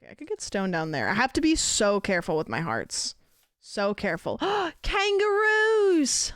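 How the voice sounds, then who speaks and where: A woman's voice: fairly low pitch, wildly swooping pitch, a little fast, dry recording, clean studio sound. A woman livestreaming a game, chatting casually and swearing freely. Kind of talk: casual chat while gaming.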